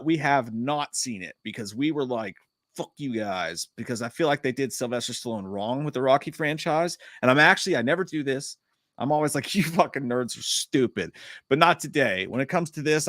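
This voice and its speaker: A male host rambling through a live stream. He swears freely, jokes crudely and reads viewer comments aloud in a mid-pitched voice. The room sounds dry and close. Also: fairly bright tone, dry recording. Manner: profane, rambling, jokey. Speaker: podcast host. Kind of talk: casual live-stream chat.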